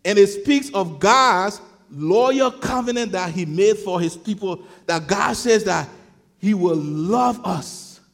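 A man preaching a sermon, swinging between shouted peaks and hushed storytelling, often repeating words as he gathers his thoughts. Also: high-pitched, lively intonation, takes it slowly. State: sweating. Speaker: pastor. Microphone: clip-on mic.

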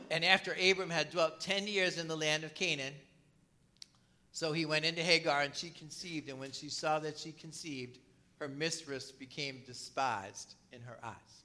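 A man preaching a sermon who reads scripture aloud and explains it, pausing often to cough and clear a tickle in his throat. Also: a little high, fairly even intonation, bright, forceful tone. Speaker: pastor.

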